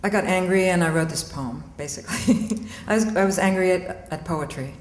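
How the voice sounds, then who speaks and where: Woman poet, low voice, blunt and wry delivery; live reading in a roomy hall. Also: normal speed. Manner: blunt, wry, laughs between poems. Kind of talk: poetry reading. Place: auditorium with audience. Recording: echoey hall, faint room ambience.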